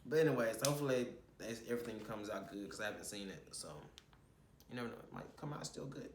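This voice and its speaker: A young man speaks quickly in a mid-range voice, recounting a stressful shoot for his vlog with animated rambling and curses whenever he relives the frustrating parts. The recording is reverberant, with a little hiss or hum.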